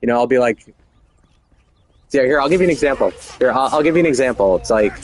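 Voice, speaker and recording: A man's voice: medium pitch, expressive, fast talker, a little hiss or hum. A man talking casually in a boastful, rambling way, chuckling now and then as he goes. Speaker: show host. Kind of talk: casual monologue.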